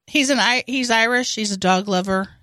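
A woman's voice: fairly high pitch, normal speed, sharp tone, no echo, clean studio sound. Wry woman podcast co-host. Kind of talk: casual chat.

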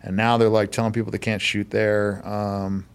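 A man in his thirties talks casually as a guest, his voice sitting fairly low. He tells stories in a loose, laid-back way, full of fillers and curse words. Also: little pitch movement, normal speed, clean tone. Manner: laid-back, profane storytelling. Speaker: podcast guest. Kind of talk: casual chat.

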